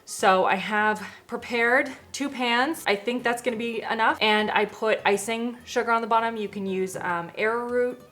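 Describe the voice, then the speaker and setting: Chatty excitable woman cooking on camera. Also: fairly high pitch, normal speed, hardly any pauses, soft background music. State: out of breath. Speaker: cooking vlogger. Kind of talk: casual cooking vlog.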